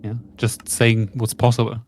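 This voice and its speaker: A man's voice: medium pitch, flat delivery, moderate pace, a little mellow, slight background noise. A man joining a game stream with laid-back, dry remarks that sometimes trail off. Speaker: co-player on stream. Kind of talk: casual game chat.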